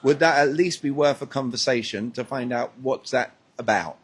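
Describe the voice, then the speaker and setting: A man's voice: medium pitch, moderate pace. A man with a British accent, a guest coach in an interview, speaking emphatically and posing rhetorical questions. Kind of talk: conversational interview on a live stream.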